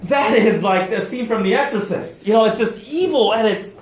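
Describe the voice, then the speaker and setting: A man, a deacon, giving a lively public talk, loud and excitable with many fillers and restarts. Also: sits high, normal speed. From United States. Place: restaurant event room. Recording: echoey room.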